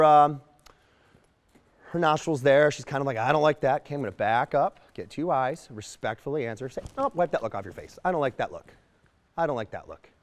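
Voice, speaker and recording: Fast-talking horse trainer, echoey. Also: male voice, on the high side. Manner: explains while working, voicing the horse's thoughts. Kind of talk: outdoor training demonstration.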